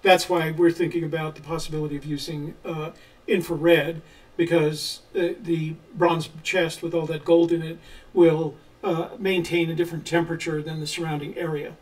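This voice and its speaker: A man with a slightly high voice explains things carefully in a relaxed live chat, pausing often on "uh". He sits a little back from the microphone. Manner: measured and explanatory, with frequent "uh" pauses. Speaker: co-host of a treasure-hunt channel. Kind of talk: casual live chat answering viewer questions. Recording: voice a little distant from the mic.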